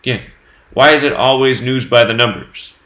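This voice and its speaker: A man hosting his own news channel, talking on his own through dates and number sums in a steady, running commentary. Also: mid-range voice, moderate pace, echoey room. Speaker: host of a numerology news channel.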